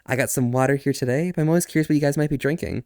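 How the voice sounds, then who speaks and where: A man's voice: medium pitch, very fast, a little mellow, clean tone, no room sound. Male streamer, casual and flirty, laughs a lot, stammers, dry close sound. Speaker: livestream host. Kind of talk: casual live-stream chat.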